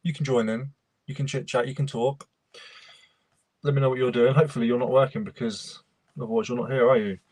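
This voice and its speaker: A man's voice: medium pitch, fairly even intonation, brisk, pauses often, darkish tone, no room sound. A young man, casually chatting and greeting viewers by name while he works on a livestream. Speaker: reseller livestream host.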